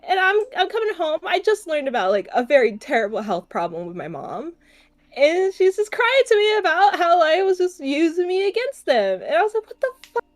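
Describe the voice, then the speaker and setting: A woman's voice: extremely high pitch, big pitch swings, normal speed, faint music behind. A woman co-hosting a podcast, telling a story in casual chat, often laughing, swearing and restarting her sentences. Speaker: podcast co-host.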